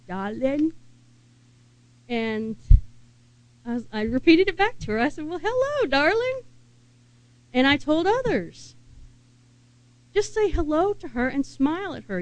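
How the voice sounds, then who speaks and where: A woman preaching a sermon in an earnest, unhurried way and asking her listeners many questions. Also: a little high, mellow, poor audio.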